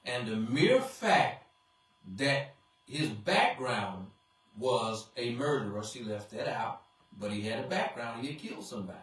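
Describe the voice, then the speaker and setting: A man's voice: medium pitch, expressive, a little slow, a bit bright. A man speaking as pastor in a mid-range voice, earnest and emphatic. He is far from the mic, and the room echoes heavily around him. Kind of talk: sermon-style commentary.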